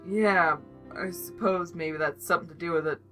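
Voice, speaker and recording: A woman reading a fan story aloud, voicing a tired, gloomy male skeleton who talks in a flat monotone and puts himself down. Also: lowish voice, normal speed, soft background music. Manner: flat monotone, self-deprecating.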